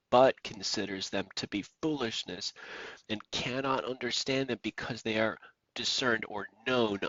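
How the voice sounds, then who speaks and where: A man's voice: lowish voice, a bit bright, dry recording, muffled recording. A man preaching on the radio, emphatic and repeating phrases for stress. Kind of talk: preaching monologue.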